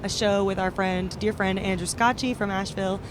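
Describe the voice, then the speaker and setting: A woman's voice: mid-range voice, steady tone, brisk. Chatty woman over van road noise. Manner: chatty, upbeat, with frequent fillers. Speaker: podcast host and band member. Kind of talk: casual storytelling chat. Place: inside a moving van.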